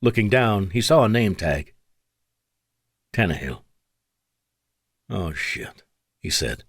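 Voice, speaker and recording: Low-voiced male audiobook narrator. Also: sing-song, a little slow, slightly rough, dry recording. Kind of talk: scripted narration.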